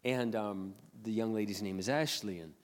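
A man pastor telling a story in a sermon, often clearing his throat as he retells conversations. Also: fairly low pitch, normal speed. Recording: long hall reverb.

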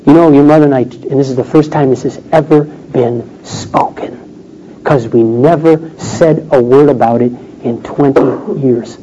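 The recording is dull and lo-fi, with a faint layer of noise. A middle-aged preacher speaks at a moderate pace in a mid-range voice, animatedly relating a personal story and performing the quoted voices of others.

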